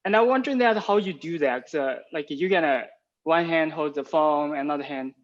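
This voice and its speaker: A man calling in to a podcast, asking his question in a hesitant, halting way. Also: on the high side, lo-fi sound. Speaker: caller.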